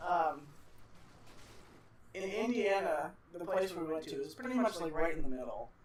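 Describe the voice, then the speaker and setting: A woman's voice: fairly low pitch, animated, moderate pace, darkish tone, distant mic. Rambling woman in an echoey room. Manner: rambling, filler-heavy storytelling. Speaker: co-commentator. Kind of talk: casual let's-play chat.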